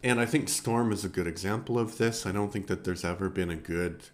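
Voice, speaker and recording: A man's voice: low-pitched, brisk. Rambling man hosting a film review. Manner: rambling, many fillers, sarcastic asides. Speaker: film review show host. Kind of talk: casual spoken movie review.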